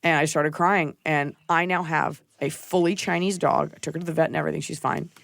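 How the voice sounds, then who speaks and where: A blunt woman comedian hosts a casual podcast chat, with a gravelly fry running through her speech. She swears freely and acts out the people in her stories. Her voice sounds close and dry. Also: sits low, fairly even intonation, a little fast, fairly bright tone, dry recording. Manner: blunt, profane, storytelling with acted-out quotes. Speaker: podcast host and stand-up comedian.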